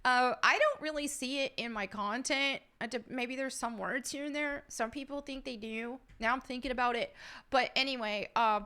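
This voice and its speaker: A YouTuber from upstate New York with a slight Southern American accent chats casually as she reads out and answers her members' questions, laughing often. Her high-pitched voice is clear, resonant, bright, and forceful, at a normal speed.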